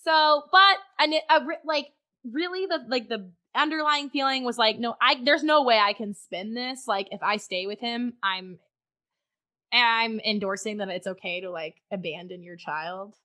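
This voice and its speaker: A woman's voice: fairly high pitch, normal speed, bright, forceful tone. A woman guest on a podcast, frankly telling a personal story in conversation and swearing freely.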